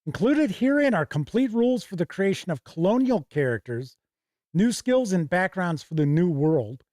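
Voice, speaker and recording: A man's voice: high-pitched, sing-song, moderate pace, a little mellow, no echo, studio quality. Man reading game books on a stream. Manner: reads aloud from books, corrects himself. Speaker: host. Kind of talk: casual livestream review.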